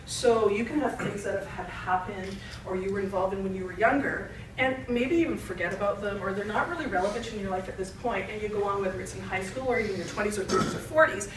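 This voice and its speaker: A woman's voice: mid-range voice, fast, few pauses, background noise. Conversational woman speaker in an echoey hall. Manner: conversational, joke-telling. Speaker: retreat speaker. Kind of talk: talk to an audience. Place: retreat hall. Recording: echoey hall, distant mic.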